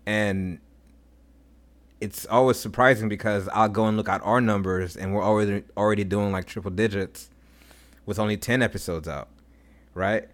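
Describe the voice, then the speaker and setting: A man's voice: on the low side, fairly even intonation, moderate pace, pauses often. A man co-hosting a podcast, talking in a loose, reflective way with many fillers. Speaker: podcast co-host. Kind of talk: casual chat.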